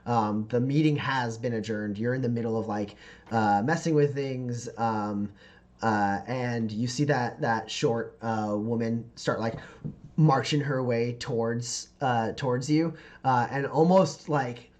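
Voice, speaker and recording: A man's voice: medium pitch, measured pace, a little mellow. A man narrating a tabletop game as game master, rambling with many fillers. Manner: rambling, full of fillers and likes.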